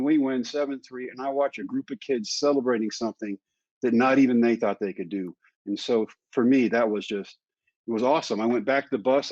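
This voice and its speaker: A man in his fifties, a guest in an interview, telling his story in a lively way and acting out the dialogue. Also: medium pitch, no room sound. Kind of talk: candid storytelling in conversation. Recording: dry, slightly dull sound.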